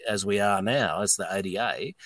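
The recording is very noisy, and the man's voice is lowish at a moderate pace. He's a middle-aged Australian distillery owner on a casual podcast, a blunt, swearing and animated storyteller.

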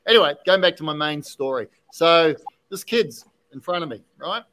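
A man hosting a podcast, telling an animated story casually with many restarts and asides. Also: a little high, normal speed, rough recording. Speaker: podcast host, whiskey distiller.

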